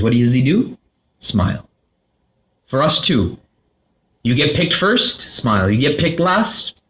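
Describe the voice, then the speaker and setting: A man giving a spiritual talk to a class, asking questions and answering them himself in a lively, playful way. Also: medium pitch, unhurried. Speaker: spiritual teacher. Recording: slightly dull lo-fi recording.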